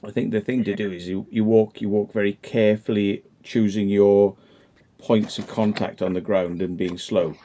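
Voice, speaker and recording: Low, mellow man chatting. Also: flat delivery. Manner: rambling, self-deprecating, quick to joke. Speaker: livestream host. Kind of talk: casual chat.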